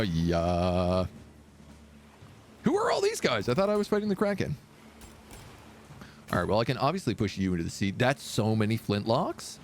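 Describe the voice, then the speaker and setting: A man's voice: mid-range voice, a little hiss or hum. A man streaming a pirate game live, joking around and reading the game's story text aloud. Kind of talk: live gameplay commentary.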